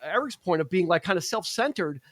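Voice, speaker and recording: A man's voice: sits high, lively intonation, brisk, a bit bright, dry recording. A man co-hosting a film podcast, talking casually with many restarts and quoting lines. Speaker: podcast co-host.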